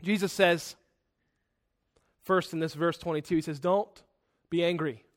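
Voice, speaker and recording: A man preaching a sermon, animated and quick to act out angry outbursts, with self-correcting asides. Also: a little high.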